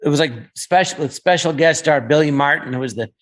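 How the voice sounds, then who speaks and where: Guest comedian, male, raised pitch, rambling anecdotal storyteller. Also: fairly quick. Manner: anecdotal, acts out quoted voices. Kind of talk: casual storytelling chat.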